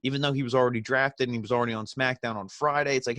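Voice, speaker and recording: A man casually recapping a wrestling show, sarcastic and ranting, jumping into quick mocking impressions of the people he talks about. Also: mid-range voice, fairly even intonation, a bit bright, no room sound. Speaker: wrestling review host.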